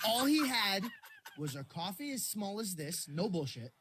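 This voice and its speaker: Young co-host in casual chat, lively, mimics others while telling stories. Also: medium pitch, moderate pace, slight background noise. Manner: lively storytelling, acts out others' lines. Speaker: podcast co-host.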